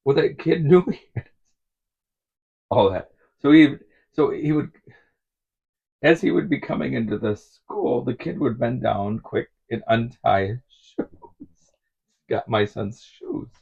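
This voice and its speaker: A man's voice: medium pitch, unhurried, vocal fry, long pauses, a little mellow, slightly rough, muffled recording. A middle-aged man telling rambling stories in a casual vlog, chuckling often as he talks. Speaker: vlogger.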